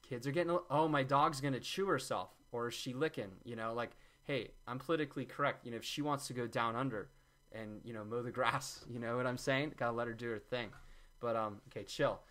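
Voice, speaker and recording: Speaking briskly in a mid-range, slightly bright voice, this man walks viewers through his homemade juice recipe as a vlogger. It's rambling how-to talk full of jokes, which he keeps retracting by saying "I'm kidding."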